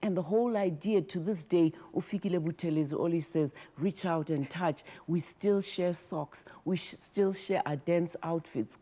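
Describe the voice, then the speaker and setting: An older woman from Africa, a former talk show host telling stories in an emotional, animated way as an interview guest. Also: fairly low pitch, normal speed, few pauses. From South Africa. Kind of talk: interview, personal storytelling.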